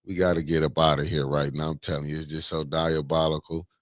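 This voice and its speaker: Man, very low voice, dry close sound, livestream host, slangy shout-outs. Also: a little fast, no room sound. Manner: shouting out viewers, slangy and animated. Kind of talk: casual livestream chat.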